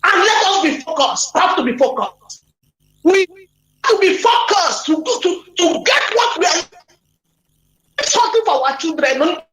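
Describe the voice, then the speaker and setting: A woman calling in to a radio show, emotional and repetitive, breaking into shouted outbursts. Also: very high-pitched, animated, moderate pace, pauses often. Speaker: radio call-in caller. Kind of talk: impassioned call-in rant. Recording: echoey, noisy phone-in line.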